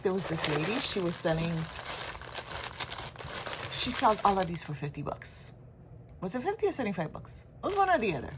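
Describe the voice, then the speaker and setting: A woman's voice: mid-range voice, noisy background. A woman chatting casually in a stitching vlog, rambling and laughing often. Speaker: cross-stitch vlogger. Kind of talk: casual chat.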